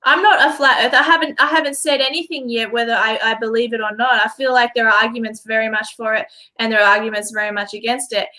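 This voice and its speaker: An Australian woman hosting an interview, chatty and quick to apologize and laugh. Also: on the high side, fairly even intonation, sharp tone. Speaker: host. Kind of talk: casual interview.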